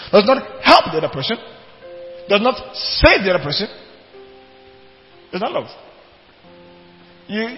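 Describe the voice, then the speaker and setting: A man preaching a sermon, emphatic, repeating his points and asking the congregation if they follow. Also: high voice. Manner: emphatic, asks the congregation questions, repeats phrases. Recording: dull long hall reverb with faint music.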